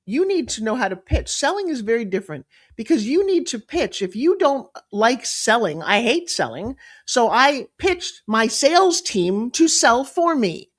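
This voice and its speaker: A middle-aged woman being interviewed as a guest, telling her stories in a lively, emphatic way with quick asides. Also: a little high. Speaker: guest, entrepreneur and pitch coach. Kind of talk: animated storytelling interview.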